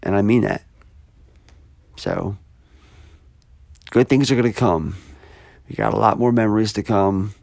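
A man in his thirties, a podcast host speaking sincerely and casually to his daughter, slightly halting at times. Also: fairly low pitch, creaky, darkish tone, dry recording, clean studio sound. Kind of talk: heartfelt birthday message and casual podcast chat.

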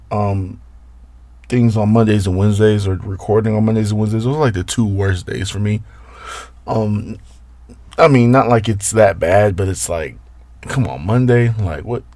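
A man's voice: on the low side, darkish tone, no room sound. Profane, rambling man hosting a podcast. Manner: rambling, profane, talks straight to listeners. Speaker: podcast host. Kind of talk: casual solo podcast chat.

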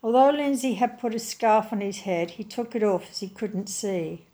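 A woman reading a children's story aloud in a slow, gentle, clearly enunciated way. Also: medium pitch.

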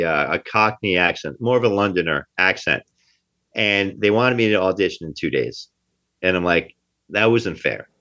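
A fairly low, fairly bright voice belongs to this actor guest from New Jersey. In a casual interview recorded with dull lo-fi quality, he speaks emphatically and often says things twice.

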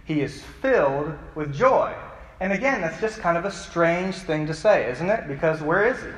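A man's voice: fairly high pitch, animated, moderate pace, a bit bright. Storytelling male youth pastor, echoey hall. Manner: storytelling, conversational, asks the audience questions. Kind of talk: youth sermon. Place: church hall.

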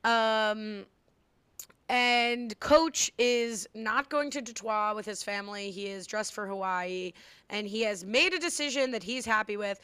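A woman's voice: medium pitch, measured pace, a bit bright, smooth, no echo. A young woman from the United States co-hosting a podcast, playfully recapping an episode in casual chat. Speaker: podcast co-host.

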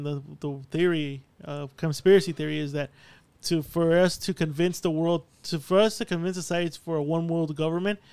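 A man with a high-sitting voice chats loosely with his friends on a podcast. He swears freely and laughs often. The sound is dry and close. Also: darkish tone, clean tone, dry recording. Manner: laughs often, profane, riffs on conspiracy theories. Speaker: podcast co-host. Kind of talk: casual chat.

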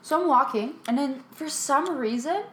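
A woman telling a story in casual chat, relaxed and chatty, often checking in with "right?". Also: high voice, moderate pace, reverberant.

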